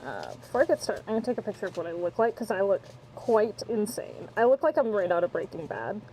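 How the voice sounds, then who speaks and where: A woman's voice: medium pitch, big pitch swings, fast, dark tone, slight background noise, low-quality recording. A woman streaming live from home on a wireless mic, chatting casually and playfully, swearing now and then. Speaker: streamer and voice actress. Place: home, in a pouring tent and around the house. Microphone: wireless mic on a receiver.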